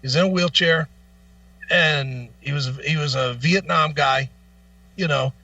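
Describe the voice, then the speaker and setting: A man co-hosting a talk show, telling a long profane anecdote in a casual, animated way. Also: fairly high pitch, measured pace, vocal fry, no echo, far from the mic, dull audio. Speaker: co-host. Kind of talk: casual storytelling.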